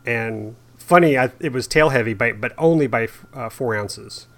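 A man's voice: mid-range voice, normal speed, fairly bright tone. A man co-hosting a casual hobby podcast, rambling with frequent laughs and self-deprecating asides. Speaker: podcast co-host. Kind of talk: casual chat.

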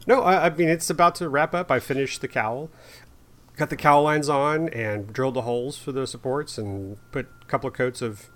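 A man's voice: medium pitch, normal speed, fairly bright tone. A man co-hosting a casual hobby podcast, rambling with frequent laughs and self-deprecating asides. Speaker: podcast co-host. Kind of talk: casual chat.

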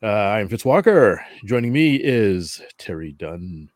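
A man hosting a hobby podcast in casual chat, playful and quick to laugh. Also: lowish voice, dry recording, clean studio sound. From northern US. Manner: playful, animated, laughs easily. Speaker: podcast host.

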